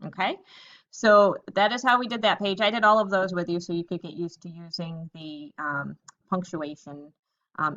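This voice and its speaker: A woman teacher giving a recorded lesson to young children, reading example sentences slowly and thinking aloud about each one. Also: low-pitched, fairly bright tone, lo-fi sound.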